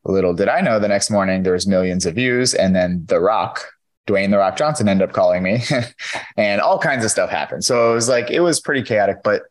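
A man's voice: on the low side, brisk. A man, a podcast guest and keynote speaker, candidly telling his personal story in an interview, earnest and full of "you know".

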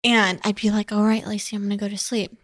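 A teenage girl as a podcast guest, telling family stories in a lively, giggly way. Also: mid-range voice, fast talker. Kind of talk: casual podcast chat.

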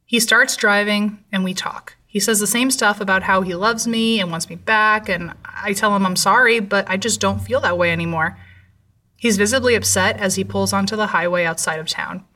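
A woman narrating a true horror story in a measured, somber way. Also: mid-range voice, fairly even intonation, pushed and bright, far from the mic.

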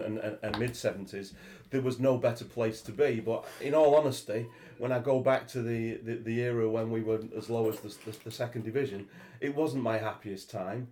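Older manc bloke, low voice, chatty but halting, repeats himself. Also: male voice, mellow. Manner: measured, stumbling with repeats. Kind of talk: casual chat.

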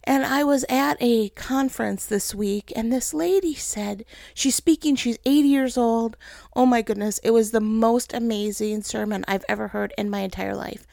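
A woman's voice: on the high side, normal speed, gravelly, darkish tone, no echo, clean studio sound. A woman in her thirties giving an earnest, emotional sermon that draws on her own life and speaks straight to her listeners. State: tearful. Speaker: pastor's wife giving a message. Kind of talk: sermon, personal testimony.

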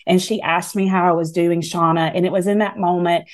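A middle-aged woman with a Southern US accent appears as a guest author in a faith talk interview. She speaks in an earnest, encouraging, preacherly way, her lowish voice brisk and steady in tone.

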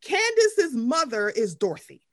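Animated high-voiced woman ranting. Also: unhurried, dry recording, studio quality. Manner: profane, animated, acts out quoted voices. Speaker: podcast co-host. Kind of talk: casual reality-TV recap chat.

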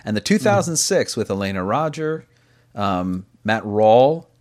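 A man hosting a podcast in casual chat, enthusiastic and quick to laugh, rambling through his points. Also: lowish voice, very animated, a little mellow. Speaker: podcast host.

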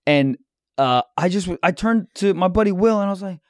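Rambling comedian telling road stories. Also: male voice, high-pitched, lively intonation, brisk, dry recording, studio quality. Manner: rambling anecdotes with fillers and laughs. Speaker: comedian, podcast co-host. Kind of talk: casual storytelling.

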